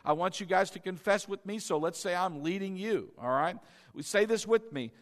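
A man's voice: sits high, moderate pace. A male pastor preaching a sermon, leading the congregation to repeat a prayer and answer back. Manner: leads congregation in call-and-response prayer. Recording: long church hall reverb.

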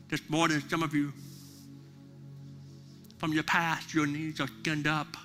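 A middle-aged male pastor preaching a sermon, impassioned at times and soft and prayerful at others. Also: fairly high pitch, level tone, measured pace, long pauses, soft background music.

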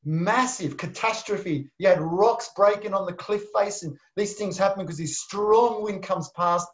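A man preaching a sermon, swinging from emphatic bursts to soft, near-whispered lines. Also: high-pitched, a little slow. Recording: dull lo-fi sound.

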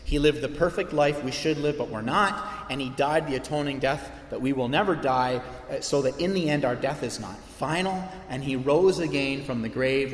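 A man preaching a sermon as pastor, earnest and impassioned, with emphatic swells. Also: medium pitch. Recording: echoey hall with long reverb.

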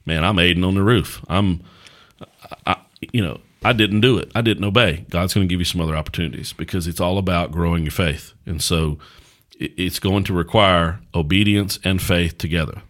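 Middle-aged pastor-host, deep voice, loose folksy storyteller, casual podcast talk. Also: male voice, fairly quick, a bit bright.

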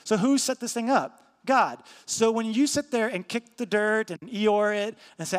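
A man's voice: sits high, expressive, moderate pace, few pauses, in a large hall. A man preaching a sermon as pastor, teaching emphatically, repeating key points and asking rhetorical questions.

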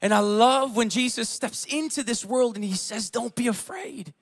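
A man in his thirties preaching a sermon as pastor, telling family stories in a casual way with fillers, dropping to a hush and then rising loud. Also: extremely high pitch, normal speed. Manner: casual storytelling with fillers, swinging between hushed and loud.

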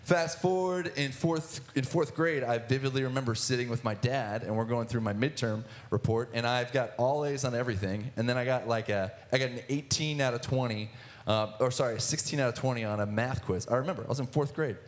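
A man's voice: mid-range voice, brisk. A young man in his twenties telling his personal testimony in church, earnest, with many restarts and filler words. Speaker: guest speaker sharing testimony.

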